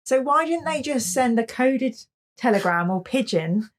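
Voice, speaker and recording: A woman's voice: high voice, lively intonation. Chatty woman chatting books with a friend, jokey, casual. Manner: chatty, quick to laugh and joke. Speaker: podcast co-host. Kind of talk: casual book club chat.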